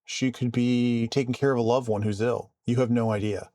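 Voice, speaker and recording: A man vlogging casually about his work, calm and conversational with frequent restarts. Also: medium pitch, moderate pace. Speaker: vlogger and IT support worker. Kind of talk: casual storytelling to camera.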